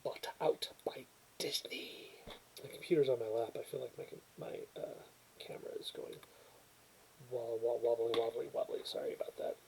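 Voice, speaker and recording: A movie reviewer chats casually at home into his laptop webcam, since his new mic isn't set up, so the built-in mic gives a low-quality recording with slight background noise. His medium-pitched voice is gravelly and mellow, level in tone and fairly quick. Rambling and self-deprecating, he keeps restarting as he reads a film's cover blurb aloud.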